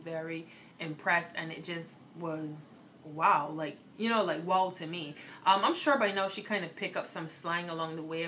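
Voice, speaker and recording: A little hiss or hum sits under the lowish, slightly bright voice of a young Barbadian woman vlogging to camera. She tells stories casually and frankly in an accent shifting toward American, using lots of "um" and "like."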